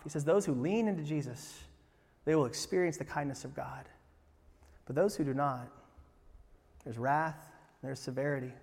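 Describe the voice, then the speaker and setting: Male pastor, sermon delivery, lively emphatic peaks, fairly high voice, long hall reverb. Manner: animated, rising to emphatic peaks.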